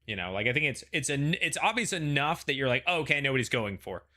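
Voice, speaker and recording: Male host, bright tone, loose chatty delivery with plenty of hedging. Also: medium pitch, very animated, fast. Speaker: show host. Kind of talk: casual pre-show chat.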